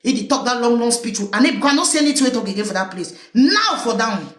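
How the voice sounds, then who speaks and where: Woman, Cameroonian Pidgin accent, livestream host, rhetorical questions, swooping pitch. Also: fast talker, roomy sound. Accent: Cameroonian Pidgin English. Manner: animated, fires rhetorical questions at listeners. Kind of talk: casual political commentary.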